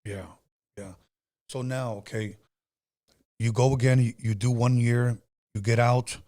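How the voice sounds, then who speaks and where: A man's voice: mid-range voice, fairly even intonation, a little slow, dark tone. A man hosting an interview, asking probing follow-up questions and answering with short affirmations. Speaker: host.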